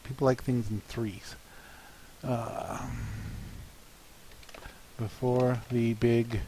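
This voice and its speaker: A man's voice: mid-range voice, poor audio. A man, a comic artist, thinking aloud in a hesitant, musing way while planning a comic. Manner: hesitant and musing, with many pauses and fillers.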